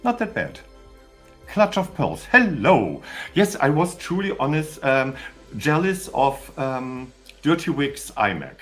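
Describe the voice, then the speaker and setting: A man's voice: medium pitch, big pitch swings, slow pace, a bit bright, faint music behind. A man with a German accent, hosting a casual live stream for his channel, rambling, stammering and chatting cheekily with his viewers. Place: home in Austria.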